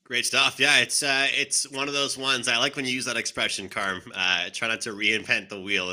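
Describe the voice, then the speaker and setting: A man's voice: mid-range voice, sharp tone. A man hosting a sports betting panel, upbeat, turning to each panelist by name. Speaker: show host.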